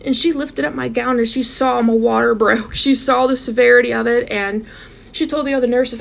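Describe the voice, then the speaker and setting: A young woman tells a personal story to her viewers in a casual, animated way. Her voice sits a little high and has a gravelly fry. She acts out the lines of the people in her story, over a faint hiss in the background. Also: moderate pace. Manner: animated, addresses viewers directly, acts out quotes.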